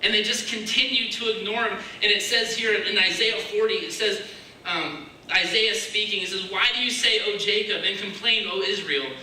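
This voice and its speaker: A man giving a casual, searching sermon, dropping to a hushed voice when he voices other people's prayers. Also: high-pitched, normal speed. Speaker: preacher. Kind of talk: conversational sermon. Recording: echoey room, mic far off, faint hiss.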